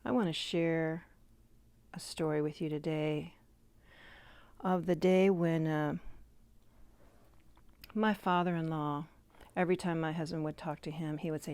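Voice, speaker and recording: A woman giving a heartfelt personal faith testimony, speaking earnestly and gently, sometimes dropping to a soft half-whisper. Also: sits low, steady tone, a little slow, pauses often, smooth, dry recording. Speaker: Christian devotional speaker.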